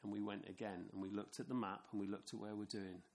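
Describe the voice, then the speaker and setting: A man's voice: fairly low pitch, flat delivery, fast, darkish tone, slight background noise. A middle-aged man from England preaching a sermon in a chatty, storytelling way, with asides to his listeners. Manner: conversational, anecdotal, with asides to the congregation.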